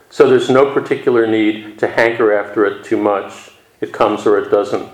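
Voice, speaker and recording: A man delivers a Zen dharma talk, his mid-pitched voice calm, reflective and gently wry. It was recorded in an echoey room. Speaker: Zen teacher.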